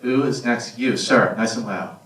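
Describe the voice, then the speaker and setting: A man moderating a cinema Q&A, brisk, repeating the questions for the room. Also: mid-range voice, fairly bright tone, distant mic. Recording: echoey cinema from afar.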